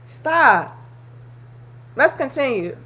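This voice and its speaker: Commentary host, woman, high voice, blunt heated rant, swears a lot. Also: sing-song, very slow, sharp tone. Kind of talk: reacting to clips, ranting commentary.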